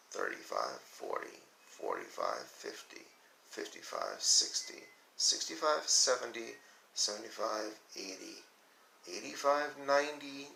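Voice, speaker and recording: Gravelly-voiced man teaching children to count. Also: on the low side, pushed and bright, reverberant, slight background noise, rough recording. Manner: patient, counts aloud slowly with pupils. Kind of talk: recorded lesson for young children.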